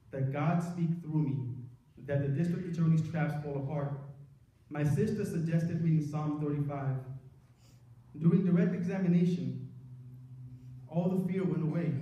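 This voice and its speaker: A middle-aged man giving an earnest personal testimony to a church congregation, telling his story with dramatic pauses. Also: fairly high pitch, warm tone. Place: large church sanctuary. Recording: very echoey church, mic far off.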